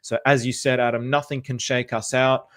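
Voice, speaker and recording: Australian male streamer, mid-pitched, chatty, upbeat, casual. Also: flat delivery, moderate pace, fairly bright tone. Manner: upbeat and chatty, often repeats phrases; greets viewers by name and reads chat. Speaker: livestream host. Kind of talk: casual livestream commentary.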